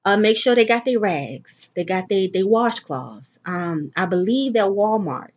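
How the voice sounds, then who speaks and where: A woman's voice: mid-range voice, unhurried. A woman hosting her own podcast, chatting casually and tiredly, rambling and swearing as she tells stories. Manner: profane, rambling, animated storytelling. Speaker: podcast host. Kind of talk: casual solo podcast chat.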